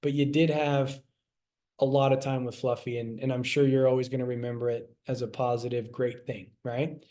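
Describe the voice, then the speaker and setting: A man's voice: medium pitch, flat delivery, normal speed, mellow. A middle-aged man giving a casual class, talking conversationally, repeating himself and acting out little quoted lines. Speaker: health class presenter. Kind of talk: casual teaching talk.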